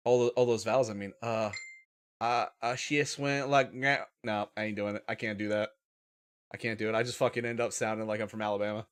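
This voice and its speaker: A man's voice: on the low side, flat delivery, a little fast, pauses often, clear, resonant tone. A man hosting a casual livestream, sleepy and tired, swearing often and laughing a lot. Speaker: livestream host.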